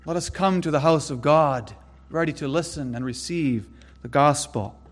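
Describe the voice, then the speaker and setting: A man preaching a sermon, earnest and emphatic, slowing down to stress key phrases. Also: on the high side, long reverb tail. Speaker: pastor.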